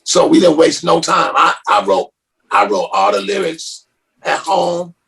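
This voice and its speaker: A man's voice: fairly high pitch, very animated, measured pace, vocal fry, fairly bright tone, husky, distant mic. A man talking as an interview guest, telling a story in a loose, casual way and often repeating words and restarting his sentences.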